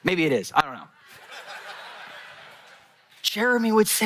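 Long pauses break up this preacher's high-pitched delivery, which moves at a moderate pace. Speaking to his congregation, he spins lively stories sprinkled with jokes and asides.

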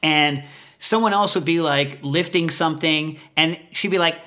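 Man, podcast host, comic storyteller, bright, slightly high voice, rambling. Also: normal speed. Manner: rambling, animated, full of asides.

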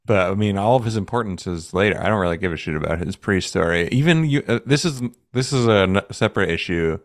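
A man's voice: sits low, animated, fast talker, no room sound, clean studio sound. A man in casual podcast chat, blunt and profane, often acting out mocking quotes.

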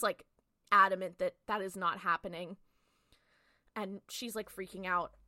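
A woman's voice: medium pitch, no room sound, studio quality. A woman co-hosting a podcast, recapping a TV episode in casual chat, acting out the characters' lines with lots of fillers. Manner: chatty, animated storytelling with lots of "like" and acted-out quotes. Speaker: podcast co-host.

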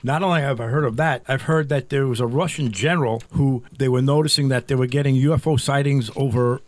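A man's voice: medium pitch, fairly even intonation, a little fast, a little mellow, no room sound. A male talk-show guest talks loosely, with many fillers and restarts as he tells secondhand stories. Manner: loose, filler-heavy storytelling. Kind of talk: casual talk-show chat.

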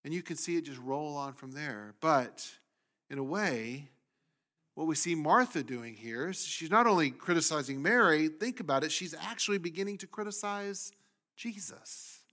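A man preaching a sermon as pastor, speaking with animated emphasis and sometimes voicing the complaints of people in the story. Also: a little high, normal speed.

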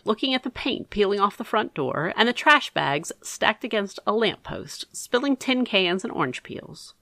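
Animated woman narrating a story. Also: mid-range voice, moderate pace, vocal fry, hardly any pauses, no echo. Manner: expressive, animated. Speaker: audiobook narrator. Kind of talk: first-person storybook narration.

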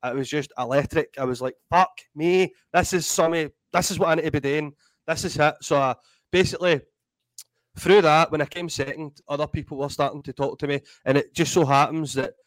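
A Scottish man in his thirties, a DJ and comedian telling animated, sweary stories in a casual interview. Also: fairly high pitch, brisk, dry recording, poor audio. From Scotland. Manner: animated, swears freely, acts out voices in anecdotes. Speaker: guest DJ and comedian.

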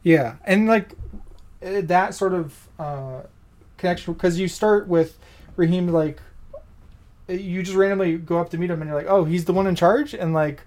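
Dude with a kinda high voice, halting, lots of uhs and likes. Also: male voice, a little mellow. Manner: hesitant, halting, with many fillers and restarts. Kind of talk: casual chat.

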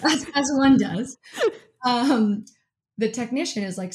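A woman guest in an interview, telling a lively story in a casual way, with lots of "like" and frequent laughter. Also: fairly high pitch, takes it slowly. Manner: animated, fills speech with "like", laughs often. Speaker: interview guest, athlete and keynote speaker.

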